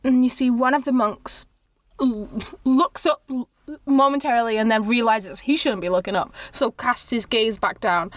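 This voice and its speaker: High-voiced woman narrating as game master. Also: normal speed, no room sound. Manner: casual, laughing, loose narration with fillers.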